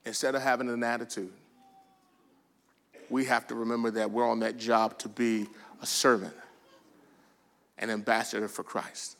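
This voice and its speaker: Bright, animated preacher, man. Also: medium pitch, moderate pace, vocal fry, long pauses. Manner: animated storytelling, bursts into shouts and drops to soft asides. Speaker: pastor. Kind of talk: sermon.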